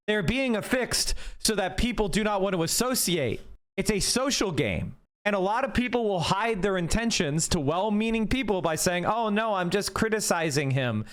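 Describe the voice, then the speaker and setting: A male live streamer in casual chat, arguing his points quickly and talking straight to his viewers, his voice going hoarse. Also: high-pitched, fairly bright tone. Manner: fast, argumentative, talks straight to chat. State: losing his voice.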